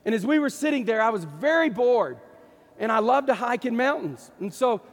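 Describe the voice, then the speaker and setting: A man from East Texas with an East Texas accent, a pastor telling a story in a folksy, animated sermon. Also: very high voice, moderate pace, long reverb tail. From East Texas, USA.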